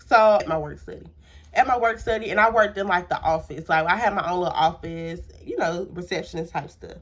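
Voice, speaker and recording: A young adult woman, a storytime vlogger, chats casually to the camera about a personal experience, repeating herself and leaning on filler words. She has a lowish voice and a brisk delivery.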